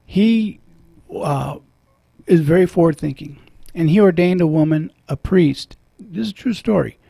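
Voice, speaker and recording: A man's voice: fairly high pitch, creaky, mellow, no echo. A middle-aged man hosting a radio talk show from a studio, earnest and preacherly, moved when he quotes scripture.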